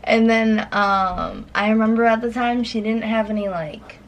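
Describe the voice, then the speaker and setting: A woman telling a personal story in casual chat, rambling with lots of fillers and acting out her past lines in a higher voice. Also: fairly even intonation, moderate pace, muffled recording. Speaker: guest storyteller.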